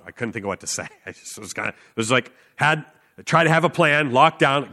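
A man preaching a sermon, telling a personal story with earnest emphasis, filler words and quick laughs. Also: mid-range voice, expressive, pushed and bright. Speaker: street preacher.

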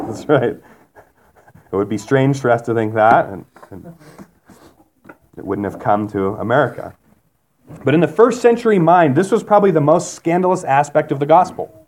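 A man's voice: mid-range voice, animated, fairly quick, long pauses, darkish tone. Guy preaching a sermon, chatty, keeps asking the crowd questions, acts out the quotes. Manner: conversational, asks the congregation questions. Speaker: pastor.

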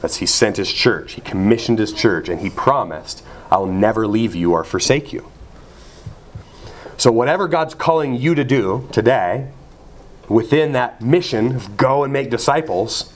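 A man's voice: medium pitch, animated, unhurried. A man preaching a sermon, earnest and emphatic, asking his listeners rhetorical questions. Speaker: pastor.

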